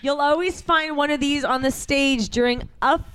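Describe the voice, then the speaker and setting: A woman's voice: high voice, normal speed, a bit bright, a little hiss or hum. A woman hosting among friends, reading a magazine quiz aloud with theatrical, joking delivery. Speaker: quiz reader and host.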